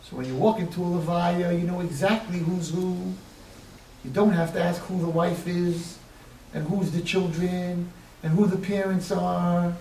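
A man's voice: high-pitched, fairly even intonation, unhurried, a little mellow, a little hiss or hum. A man preaching an impassioned sermon that builds into crying pleas. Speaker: rabbi. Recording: echoey, distant mic, faint ambience.

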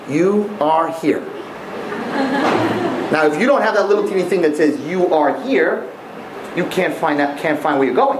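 A man giving a humorous Torah lecture, animated and checking in with listeners with a frequent "right?". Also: high voice, echoey room, slight background noise, low-quality recording. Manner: animated, repeats "right?" to the audience. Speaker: religious teacher.

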